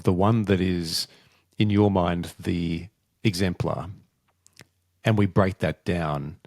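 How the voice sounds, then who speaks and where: A man hosting a podcast interview, asking measured, thoughtful questions. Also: low voice, creaky, a little mellow, no room sound, clean studio sound. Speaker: podcast host.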